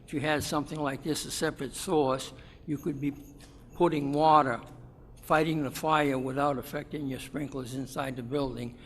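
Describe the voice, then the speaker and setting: A man speaking up at a town meeting, explaining a point in a halting way, with restarts and fillers. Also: medium pitch, steady tone, slight background noise. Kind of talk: public comment. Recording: long hall reverb.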